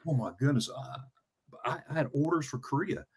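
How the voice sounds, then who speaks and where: A travel vlogger in his fifties, interviewed casually, relates a long story from his own life. His voice is a little high and husky, his pace brisk, and he keeps stammering, repeating himself, and dropping in fillers.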